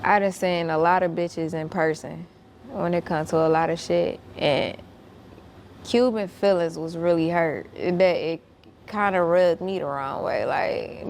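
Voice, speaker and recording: Here a woman recounts a tense story as a guest, blunt and profane in every line. Her voice sits low with a gravelly, fried edge. She presses her points hard and doubles back on her words when she gets heated. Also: measured pace, darkish tone, slight background noise. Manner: repeats and restarts when worked up.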